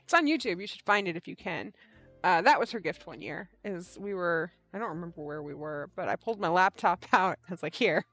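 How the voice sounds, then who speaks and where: A woman's voice: lowish voice, brisk, soft background music. Chatty woman telling stories while knitting. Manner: animated storyteller, laughing often. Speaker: host of a knitting livestream. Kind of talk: casual livestream chat while knitting.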